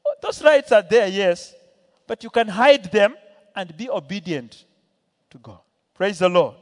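A man's voice: sits high, expressive, a little slow, pauses often. A man preaching a sermon to a church, telling a Bible story and voicing its characters as he goes. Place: church hall. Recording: long hall reverb.

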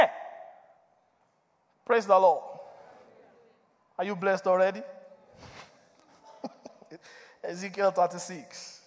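A man preaching a sermon as a pastor, animated, asking for responses from the congregation and laughing between points. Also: sits high. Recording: long reverb of a church hall.

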